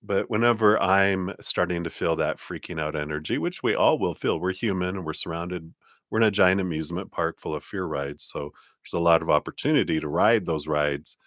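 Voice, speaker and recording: A man with a very low voice gives a casual live tarot reading. He sounds chatty and reassuring and laughs often. The sound is close and dry. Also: fairly quick, fairly bright tone, no echo. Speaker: tarot reader hosting a live stream.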